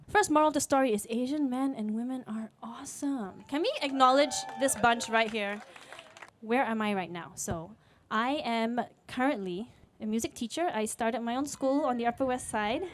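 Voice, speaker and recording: Bright-voiced woman. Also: a little high. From Singapore. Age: late 20s. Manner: conversational and candid, with fillers and voiced quotes. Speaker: speaker at a storytelling event, music teacher. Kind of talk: personal storytelling talk on stage. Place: live speaker event before an audience.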